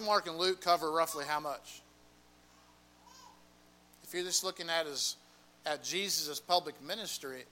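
Bright-voiced man teaching a Bible class. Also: a little high, rough recording. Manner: asks the class questions and repeats answers, frequent "okay".

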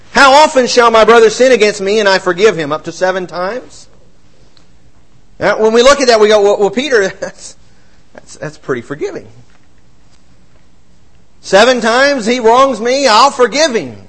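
Male preacher with a high voice, expressive sermon delivery that rises for emphasis and drops for quiet asides. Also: rough recording. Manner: expressive, swings between raised emphasis and quiet low asides.

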